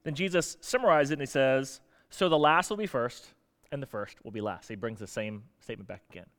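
A man's voice: mid-range voice, a little fast, fairly bright tone. A man preaching a sermon, talking conversationally and putting questions to his congregation. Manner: conversational, asks the audience questions. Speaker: pastor. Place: church hall. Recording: echoey hall.

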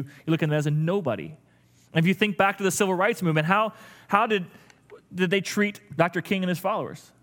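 A man's voice: sits high, fairly bright tone. A middle-aged man preaching a conversational sermon as a pastor, often repeating words while thinking aloud.

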